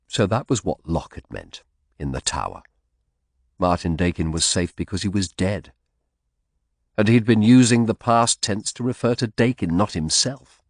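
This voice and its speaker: A man narrating a historical mystery audiobook in a measured, expressive storytelling manner, close to the mic. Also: deep voice, no echo.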